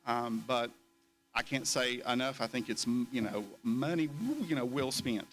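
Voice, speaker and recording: A man of middle pitch gives a school safety report at a board meeting. His delivery is halting, full of "you know" and restarts. Faint music sits under the recording. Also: steady tone, a bit bright. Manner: halting, many fillers and restarts. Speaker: school principal.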